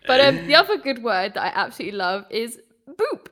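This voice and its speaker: A British woman chats on a podcast in a somewhat high voice, animated and giggly. She talks freely and laughs often as she goes. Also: brisk. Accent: British English. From Britain. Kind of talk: casual chat.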